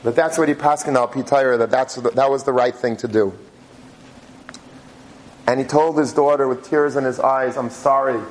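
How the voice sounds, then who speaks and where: A man giving a religious talk, telling a story in a halting way with many restarts. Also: medium pitch, fairly even intonation, low-quality recording. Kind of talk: sermon storytelling.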